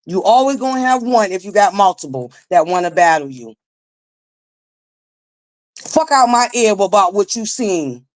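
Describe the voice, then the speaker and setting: Raspy woman in her forties, live-stream host, lively swooping delivery, blunt and profane. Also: mid-range voice, a little slow, pauses often. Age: 40s. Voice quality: naturally raspy voice. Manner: blunt, profane, emphatic, addresses viewers directly. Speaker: livestream commentary host. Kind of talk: casual live-stream commentary.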